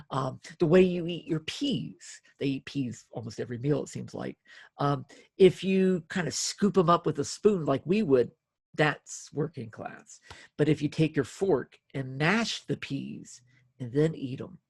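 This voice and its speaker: Man, history lecturer, gravel in the voice, mid-range pitch, dry close sound, loose conversational delivery with restarts. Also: darkish tone, dry recording. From United States. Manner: conversational, many fillers and restarts, emphatic on key terms. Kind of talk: recorded lecture, casual spoken delivery.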